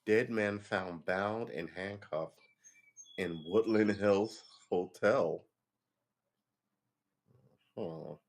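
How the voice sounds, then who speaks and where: A man's voice: deep voice, very slow, long pauses. A man reads news headlines aloud on a casual live stream and adds sarcastic, offhand comments as he thinks aloud.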